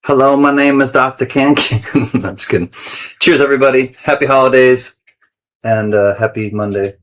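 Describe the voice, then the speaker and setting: A man's voice: medium pitch, moderate pace, fairly bright tone. A man hosting a casual livestream, chatting playfully with viewers, greeting them by name and laughing often. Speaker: livestream host.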